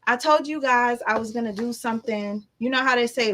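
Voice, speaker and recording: A woman's voice: on the high side, fairly quick, bright, forceful tone. A young woman, chatting casually and emphatically on a livestream as an artist, with motivational asides.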